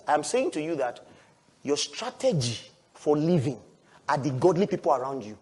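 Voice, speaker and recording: A male pastor, preaching a lively sermon, often laughing and breaking into shouts. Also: high-pitched, normal speed.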